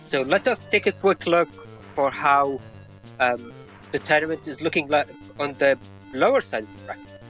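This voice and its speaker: A man's voice: a little high, normal speed, fairly bright tone, faint music behind. A man hosting a game tournament stream and explaining his own match, laughing often as he talks. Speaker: tournament player and stream host. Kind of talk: casual esports commentary.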